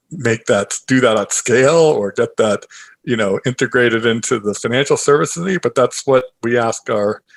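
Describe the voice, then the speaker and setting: Husky, low-voiced man telling a story. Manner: rambling, animated, many filler phrases. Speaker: guest, author and investor. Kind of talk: casual interview storytelling.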